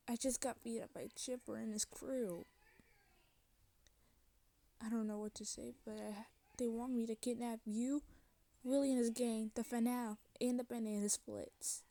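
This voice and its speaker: A tender-hearted young mermaid , voiced by a woman speaks in a fan-made story with a slightly raised, slow drawl. She leans on y'all and sounds soft and sincere. The recording is dry and close. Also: a little high, no room sound.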